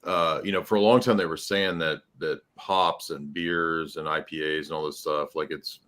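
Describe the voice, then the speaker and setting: A man with a very deep voice asks a question haltingly. He pauses and searches for his words as he goes. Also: steady tone, fairly bright tone. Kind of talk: casual chat on a group stream.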